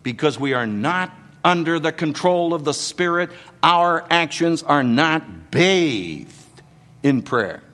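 A man's voice: on the high side, expressive, takes it slowly, fairly bright tone, big-room sound. An older man preaching a sermon, dramatically acting out the quotes in the story.

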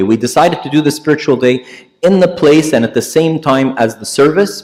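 A priest telling a story in a sermon. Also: male voice. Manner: conversational, many fillers and restarts; acts out quoted voices louder and higher.

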